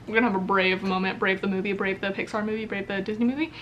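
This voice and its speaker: A woman's voice: mid-range voice, steady tone, quick pace. An American woman in her early twenties chatting to camera at home, rambling and candid, packing her talk with fillers and the odd swear. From United States. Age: early 20s. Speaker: vlogger. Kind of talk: casual chat to camera.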